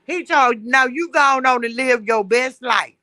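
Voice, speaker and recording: A woman's voice: high-pitched, pushed and bright, dry recording. A woman calling into a livestream, gossiping in a blunt, salty way. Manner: blunt, salty, fast storytelling. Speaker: guest caller. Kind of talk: casual gossip chat.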